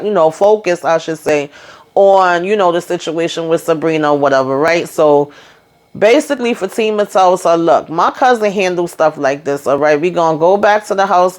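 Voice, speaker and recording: Animated woman recapping a TV episode. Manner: animated retelling, acts out quotes with rising pitch. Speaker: TV recap YouTuber.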